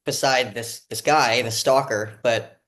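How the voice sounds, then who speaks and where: A man hosting an interview, asking questions in a halting way with many fillers. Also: mid-range voice, fairly even intonation, a bit bright. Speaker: interviewer host.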